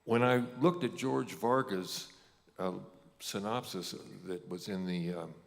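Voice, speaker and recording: An older man giving a halting, reminiscing ceremony speech, with many pauses. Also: low-pitched. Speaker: inductee presenter. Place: ceremony hall. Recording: hall reverb.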